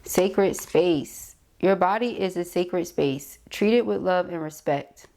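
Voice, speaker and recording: A woman's voice: lowish voice, slow pace, warm tone, a little hiss or hum. A woman giving a casual tarot reading, reading card affirmations aloud and chatting with viewers. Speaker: tarot reader.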